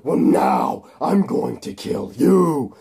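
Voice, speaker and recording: A man's voice: a little high, animated, takes it slowly, creaky, mellow, heavily acted. A man voicing a taunting, threatening male villain. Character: menacing electric male villain.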